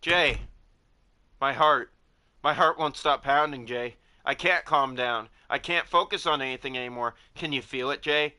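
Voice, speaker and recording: A man's voice: mid-range voice, bright, forceful tone. A man reading as a stammering shy bookish girl. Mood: flustered. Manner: halting, stammering.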